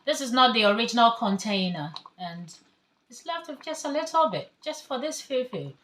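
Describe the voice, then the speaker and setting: A woman's voice: a little high, animated, moderate pace, fairly bright tone, slight background noise. A woman from Ghana giving a casual cooking demonstration in her home kitchen, chatting through each step as she works. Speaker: home cook.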